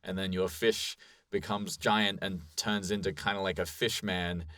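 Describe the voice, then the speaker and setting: A man's voice: low-pitched, fairly even intonation, measured pace, a bit bright, dry recording. A young Australian man co-hosting a comedy podcast, playful and rambling, laughing often. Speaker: co-host. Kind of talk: improvised comedy podcast chat.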